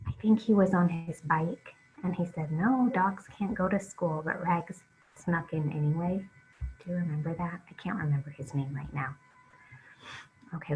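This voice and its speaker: A woman teaching an early reading lesson, reading aloud slowly and patiently for young children to follow along. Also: fairly low pitch, phone-quality sound, a little hiss or hum.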